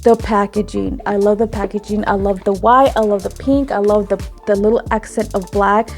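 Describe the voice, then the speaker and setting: A young woman hosting a lash-extension vlog, gushing and giggling with excitement as she unboxes products. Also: medium pitch, moderate pace, faint music behind. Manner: bubbly, gushing, giggly, exclamatory.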